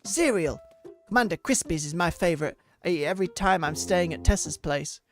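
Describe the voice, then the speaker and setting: A streamer voicing an excitable, brash young child who blurts things out eagerly. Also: mid-range voice, brisk, faint music behind, pitched above the performer's own voice, close to an everyday voice. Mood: chatty.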